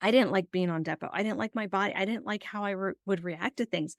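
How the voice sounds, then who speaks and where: A woman's voice: mid-range voice, fast, no room sound, studio quality. A woman hosting a casual podcast interview, telling personal stories and acting out past conversations in a chatty way. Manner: chatty storyteller who acts out past conversations. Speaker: podcast host.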